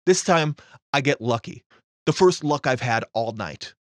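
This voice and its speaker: A man's voice: medium pitch, animated, measured pace, no echo, studio quality. A man telling a first-person story in a matter-of-fact, understated way.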